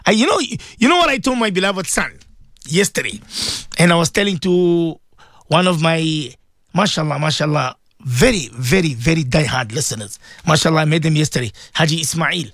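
A man's voice: fairly high pitch, lively intonation, moderate pace, fairly bright tone, no echo, clean studio sound. A middle-aged man preaching on a radio show. He pleads and repeats words for emphasis, and he asks his listeners questions directly. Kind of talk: devotional radio talk to listeners.

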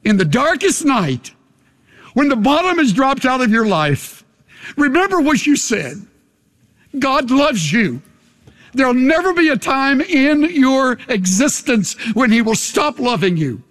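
A man's voice: extremely high pitch, very animated, fairly bright tone. An older man, a pastor, preaching a sermon and leading an altar call in a large church. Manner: impassioned preaching with long pauses. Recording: long hall reverb.

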